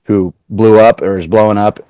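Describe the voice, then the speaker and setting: Chatty low-voiced male comedian. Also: steady tone, normal speed, dark tone, clean tone, dry recording. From Portland, Oregon. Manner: chatty, heavy use of "like", retells exchanges in quoted voices. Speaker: comedian guest. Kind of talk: casual interview storytelling.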